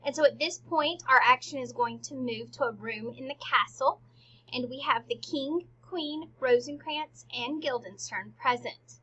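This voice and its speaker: A woman teaching a play in a chatty, informal way, often dropping into quiet, half-whispered asides. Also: high voice, measured pace, breathy edge, muffled recording. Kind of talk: casual lesson.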